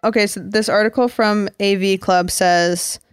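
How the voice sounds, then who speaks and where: A young woman co-hosting a chatty podcast, her voice smooth and resonant. She talks in a playful, jokey way, with a dry close sound and no room around her. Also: mid-range voice, fairly even intonation, no room sound. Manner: playful, jokey, quick to act out silly voices. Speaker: podcast co-host. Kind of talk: casual chat.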